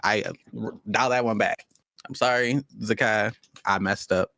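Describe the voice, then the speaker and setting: A man, co-hosting a casual podcast chat, animated and laughing often. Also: lowish voice, normal speed, creaky, no room sound, clean studio sound. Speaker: podcast co-host.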